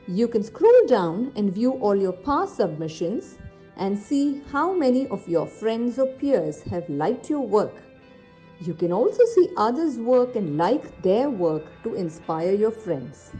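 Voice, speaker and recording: A woman giving a clear, friendly, step-by-step voice-over on how to use an app. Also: fairly high pitch, mellow. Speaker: app tutorial presenter. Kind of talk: instructional voice-over. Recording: faint music behind.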